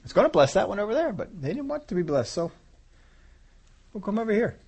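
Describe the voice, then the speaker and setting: Lively high-voiced preacher man. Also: fairly quick, slightly rough. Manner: animated, acts out voices of God and people, chuckling. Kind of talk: sermon.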